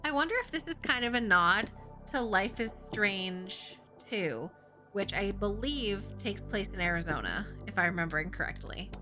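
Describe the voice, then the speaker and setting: A woman's voice: medium pitch, expressive, normal speed, pushed and bright, soft background music. A young woman streaming a game, giving casual, chatty commentary with jokey asides.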